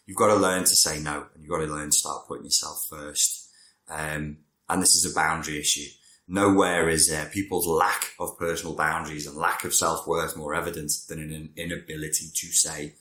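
A man's voice: extremely low pitch, fairly even intonation, moderate pace, bright, forceful tone, echoey room. A man, a therapist talking casually to camera about personality traits, digressive and wry. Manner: conversational, digressive, wry asides. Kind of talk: talking-head explainer.

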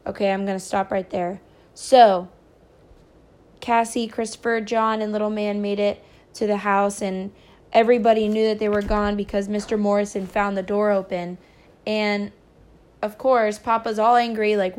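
A woman's voice: medium pitch, little pitch movement, moderate pace, a little mellow. Woman casually reading a novel aloud. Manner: casual, chatty recaps with small stumbles. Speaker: reader.

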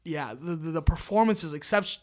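A man co-hosting a podcast in casual chat about films, talking in halting restarts and gushing about acting. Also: on the high side, animated, darkish tone. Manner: halting, restarts often, gushes about performances. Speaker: podcast co-host. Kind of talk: casual film discussion.

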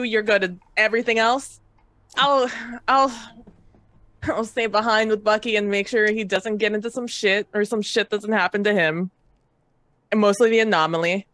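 A woman's voice: medium pitch, steady tone, moderate pace, fairly bright tone, no room sound. Brash woman player in a tabletop game, cursing freely, dry close sound. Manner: brash, swears casually. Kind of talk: tabletop role-play chat.

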